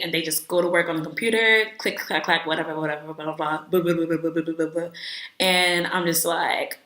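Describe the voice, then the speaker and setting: A young woman casually telling a travel story as a vlogger, chatty and animated, with lots of "like" fillers as she acts out what people said. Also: lowish voice, reverberant.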